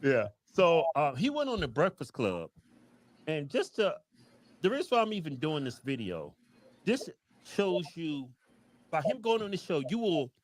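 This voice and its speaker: A man's voice: on the high side, very animated, measured pace, long pauses, no echo. A man talking politics on a podcast, earnest but stumbling over words and laughing at himself.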